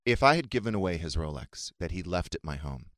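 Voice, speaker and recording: A man hosts a casual chat in a campy, teasing, dramatic way. His mid-range voice jumps about in pitch. The recording is close and dry. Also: very animated, brisk, fairly bright tone, no room sound. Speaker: podcast host.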